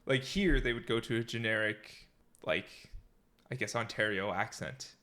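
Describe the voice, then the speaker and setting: A man's voice: lowish voice, normal speed, pushed and bright. A man co-hosting a podcast in rambling, casual chat, laughing often. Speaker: podcast co-host.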